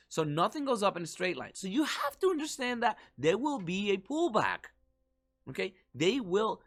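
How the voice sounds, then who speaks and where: An animated man talks viewers through market charts in a casual, chatty way. His voice sits a little high and swings widely in pitch, with a bright, forward tone. He slips into mock-panicked voices when quoting others. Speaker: market commentary vlogger.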